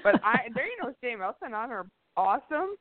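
A woman's voice: a little high, very animated, quick pace, crowd noise. Giggly woman on a tinny headset line. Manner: giggly, laughs through her words. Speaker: podcast co-host. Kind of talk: casual chat. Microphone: cheap kids' headset.

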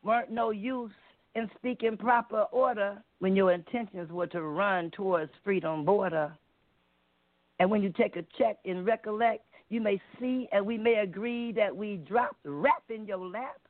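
Over a dry, tinny phone line, this open mic caller recites a spoken word poem with rhythmic, emphatic delivery and playful use of dialect. She speaks unhurriedly in a medium-pitched voice, with no echo.

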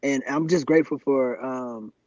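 Talking casually on a podcast about his activism, this Cleveland man comes across as earnest and thankful, often affirming what's said. He has a medium-pitched, somewhat dark voice at a moderate pace, captured in a dry recording with dull audio.

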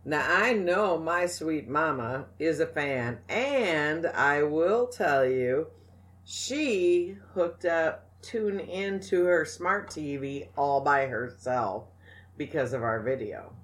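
A woman's voice: low voice, slow pace. An older woman co-hosting a casual talk show, sassy and teasing. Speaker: co-host. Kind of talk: casual podcast chat.

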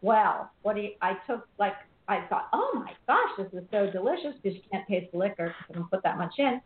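A woman's voice: medium pitch, brisk. Bubbly sixty-one-year-old woman hosting a call-in. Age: 60s. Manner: bubbly, talkative, laughs often. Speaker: radio show host. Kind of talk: chatty call-in show hosting. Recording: echoey, tinny phone-like sound with faint hiss.

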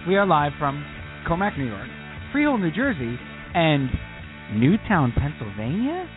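A man's voice: fairly high pitch, huge pitch swings, measured pace. A man co-hosting a casual sports talk podcast, using a mock radio-announcer delivery and poking fun at himself. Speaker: podcast co-host. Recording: tinny phone-like line, faint music.

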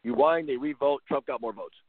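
A man's voice: on the high side, big pitch swings, fairly quick, gravelly, no echo. Blunt ranting man on a phone line. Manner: blunt, ranting, repetitive, sarcastic. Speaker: basketball coach and show host. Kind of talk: opinionated talk-radio rant. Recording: phone-line sound, dry.

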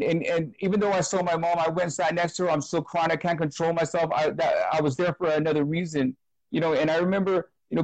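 A man with a fairly high voice shares an emotional personal testimony in an interview. He talks earnestly, stumbling, repeating words and restarting his sentences. The sound is close and dry with no room echo. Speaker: interview guest sharing testimony.

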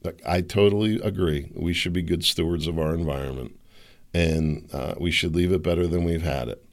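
A man's voice: low-pitched, fairly even intonation, normal speed. A middle-aged man hosting a solo podcast, rambling and opinionated, with sarcastic asides. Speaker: podcast host.

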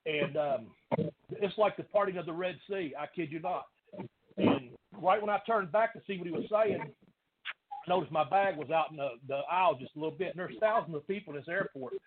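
Country guy spinning wrestling yarns, high voice, tinny phone sound, laughs a lot. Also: a little fast. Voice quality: country accent. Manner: animated storyteller, laughs often. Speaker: guest, former pro wrestler. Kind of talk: casual chat, storytelling. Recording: phone-like line with faint noise.

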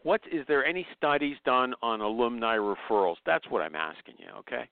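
A man's voice: mid-range voice, a little fast, no room sound. Pushy male host, phone-line sound. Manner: pushy, interrupting, probing questions. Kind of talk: casual talk show interview. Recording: dry, phone-like narrow sound.

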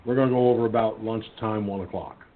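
Speaking fast in a lowish voice, this radio talk show host meanders through a story on a casual call-in program, full of restarts and fillers as he imitates what his friends said. The audio has a tinny, phone-line quality.

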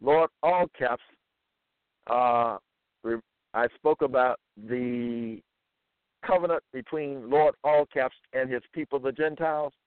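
Slow man on a tinny line. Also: medium pitch, clean tone, dry recording. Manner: slow, deliberate, quotes verses with emphasis. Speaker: religious teacher. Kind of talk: scripture lecture. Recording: tinny phone-like sound.

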